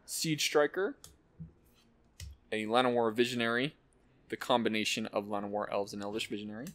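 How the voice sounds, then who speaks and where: A man hosting an unboxing, excitedly calling out card names and cracking quick jokes as he goes. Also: lowish voice. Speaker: host opening card packs. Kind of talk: casual unboxing commentary.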